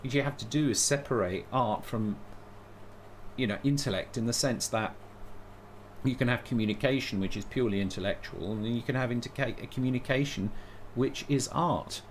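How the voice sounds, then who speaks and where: A man's voice: medium pitch, a little fast, slight background noise. A man talking casually on a live stream, thinking aloud with many restarts and blunt opinions. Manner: thinks aloud, frequent restarts and self-corrections.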